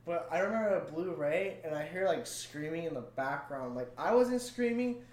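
A man's voice: on the high side, expressive, normal speed, darkish tone. Hesitant man in an echoey room. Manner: hesitant, full of "like". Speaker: guest, co-host's brother. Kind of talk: casual chat.

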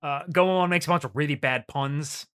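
A man hosting a podcast in casual chat, animated, swearing freely and laughing often. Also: fairly high pitch, fairly quick, clear, resonant tone. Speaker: podcast host.

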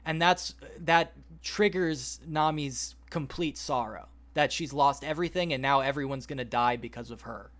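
A man on a podcast, retelling a story at length in a rambling, animated way and quoting the characters as he goes. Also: medium pitch, normal speed, few pauses. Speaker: podcast host. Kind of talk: casual podcast chat, retelling a plot.

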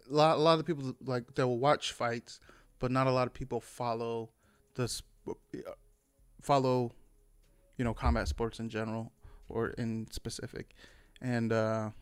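A man's voice: mid-range voice, clear, resonant tone, no room sound. A man hosting his own podcast in a loose, rambling chat, full of fillers and casual swearing. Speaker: solo podcast host.

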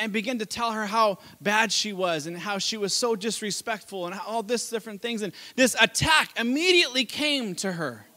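A man preaching a sermon as pastor, telling a childhood story with animated delivery and laughter. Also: very high voice.

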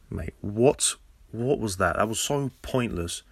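An English man hosting a casual podcast recap, sarcastic and swearing freely, with sudden loud high outbursts. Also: lively intonation, unhurried. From England. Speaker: podcast host.

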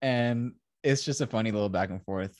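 A young man recapping a series in loose casual chat, stringing scenes together with endless "he's like" asides. His voice sits fairly low and the sound is dry and close, with no room around it. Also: moderate pace, dry recording. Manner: rambling retelling full of "he's like" asides. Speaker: podcast co-host reviewing a show.

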